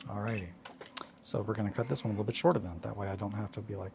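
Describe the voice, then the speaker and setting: A man's voice: lowish voice, fairly even intonation, racing, gravelly, noisy background. A man hosting a casual hobby livestream, talking to himself and coaxing tiny parts into place as he builds miniatures. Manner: mutters and coaxes at fiddly parts, self-talking.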